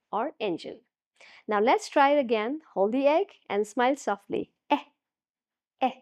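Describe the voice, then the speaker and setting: Slow, encouraging woman phonics teacher. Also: high voice. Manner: slow, encouraging, demonstrating each sound. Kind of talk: children's phonics lesson.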